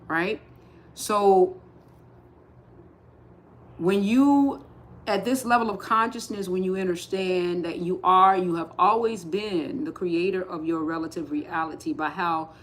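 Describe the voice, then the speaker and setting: A woman giving a slow, repetitive spiritual talk on a livestream, speaking with emphatic insistence. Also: fairly low pitch. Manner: rising to forceful insistence. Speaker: spiritual teacher.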